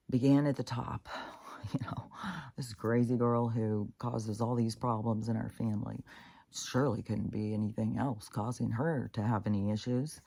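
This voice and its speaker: A woman's voice: extremely low pitch, creaky, warm tone, dry recording, studio quality. A woman venting in a casual spoken monologue, rambling and profane, with restarts and laughs. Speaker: vlogger.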